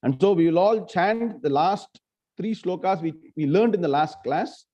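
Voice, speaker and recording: A man's voice: sits high, expressive, normal speed, darkish tone. A man leading an online scripture class, often quizzing students by name. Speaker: scripture teacher. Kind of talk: online lecture. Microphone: video call. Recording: muffled lo-fi online class audio.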